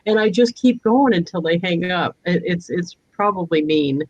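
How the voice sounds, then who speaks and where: A woman's voice: lowish voice, lively intonation, moderate pace, hardly any pauses. A woman hosting a casual chat, cheerful and laughing often. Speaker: host. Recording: dull, dry lo-fi audio.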